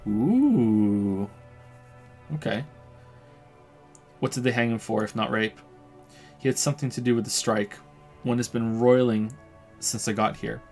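A man's voice: mid-range voice, flat delivery, normal speed, long pauses, faint music behind. A man streaming a video game, reading its dialogue and narration aloud with wry asides of his own. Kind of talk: casual game playthrough narration.

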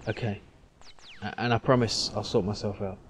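A man's voice: on the low side, fairly even intonation, normal speed, a little hiss or hum, lightly acted. A man voicing a troubled young man who talks in a nervous, stammering, apologetic way. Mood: pleading. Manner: stammering, pleading.

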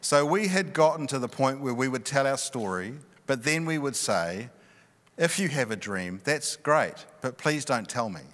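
A middle-aged male pastor telling a personal story in a sermon, animated and often laughing. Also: mid-range voice, moderate pace. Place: large church hall. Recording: long reverb of a church hall.

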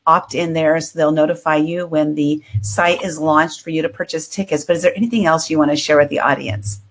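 Lower-voiced woman host in her fifties. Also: steady tone, fairly quick, slight background noise. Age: 50s. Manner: enthusiastic, laughs often. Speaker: podcast host. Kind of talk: casual interview chat.

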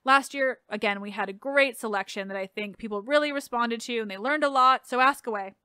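A woman podcast host rambling casually through her outro, sarcastic and self-deprecating. Her voice is high and crisp, and the recording is close and dry. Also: a little fast, sharp tone, no room sound.

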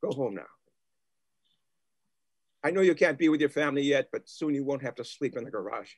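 A man's voice: medium pitch, lively intonation, brisk, no echo. A man playing a reformed old miser, heartfelt and wry, in an amateur online play. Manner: heartfelt, wry, self-deprecating. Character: reformed old male miser, now tender and repentant.

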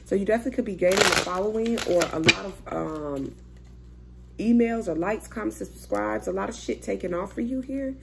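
A woman's voice: medium pitch, sing-song, brisk, creaky, noisy background. A young woman doing a casual, chatty tarot reading, swearing freely and thinking aloud as she turns cards. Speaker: tarot reader.

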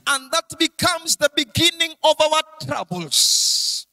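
Young Kenyan preacher, sing-song emphatic sermon delivery, a high, bright voice. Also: male voice, animated, takes it slowly, poor audio. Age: young adult. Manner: sing-song, emphatic, repeats key lines.

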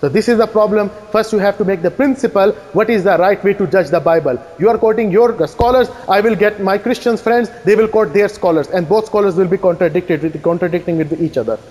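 A man giving a fast, insistent debate rebuttal, firing challenging questions at his opponent. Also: sits high, darkish tone. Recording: echoey hall reverb.

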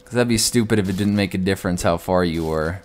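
A man's voice: deep voice, fast, a little hiss or hum. A man giving casual, rambling gameplay commentary, full of "like" and sudden exclamations. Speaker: gaming video host.

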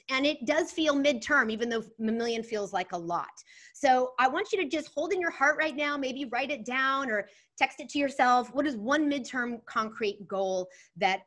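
Energetic woman leading an online workshop. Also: sits high. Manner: energetic, self-correcting, talks to a live chat. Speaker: workshop facilitator.

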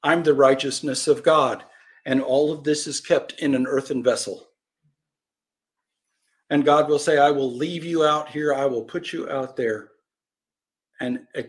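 A man preaching a Bible-study sermon in animated storytelling style, acting out quoted voices and swinging from loud cries to quiet asides. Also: mid-range voice. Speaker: pastor teaching a Bible lesson.

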